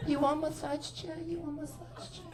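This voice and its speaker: A chirpy, pushy salon woman pipes up in clipped, broken English, as a man does her voice, repeating herself over and over. She sounds very high. The stand-up bit is recorded live, with loud audience laughter. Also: fairly even intonation, moderate pace, a crowd in the background. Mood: pushy cheery. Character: pushy, chirpy female nail salon worker.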